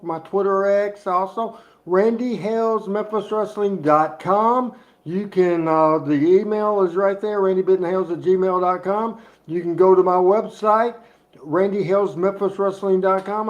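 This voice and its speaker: A middle-aged man from Arkansas co-hosting a wrestling talk show, joking and excitable as he plugs an upcoming event. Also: high voice, highs cut off. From Jonesboro, Arkansas. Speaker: co-host.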